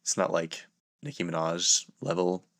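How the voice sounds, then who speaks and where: A man's voice: sits low, expressive, normal speed, a bit bright. A young man hosting a podcast, telling a rambling, casual story full of fillers and restarts. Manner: rambling, filler-heavy, self-interrupting. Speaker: podcast host.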